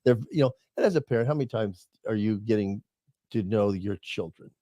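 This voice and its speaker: An older man with a low, warm, mellow voice tells a family story in a folksy, meandering way, often repeating himself. He sounds close and dry, with no room around him. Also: brisk, no room sound, muffled recording. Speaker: podcast co-host. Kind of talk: casual chat.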